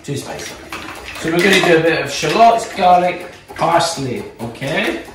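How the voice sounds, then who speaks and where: A man's voice: a little high, lively intonation, normal speed, noisy background. A man with a Scottish accent, a chef casually teaching a home cooking demonstration in a playful, chatty way while joking with his kids. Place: home kitchen. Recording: echoey kitchen, mic far off, clattering pans.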